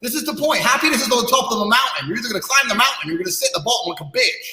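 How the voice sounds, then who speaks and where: High, lively, blunt ranting man. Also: racing. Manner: blunt, profane, lecturing. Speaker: podcast guest. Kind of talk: heated podcast rant. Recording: echoey room with long reverb.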